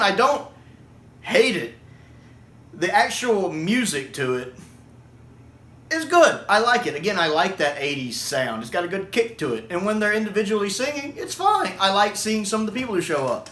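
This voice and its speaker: A man's voice: sits high, sing-song, moderate pace, pauses often, a bit bright. A man giving a casual spoken review of a video, chatty and laughing often between remarks. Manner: chatty, repeats himself, self-corrects. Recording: echoey room.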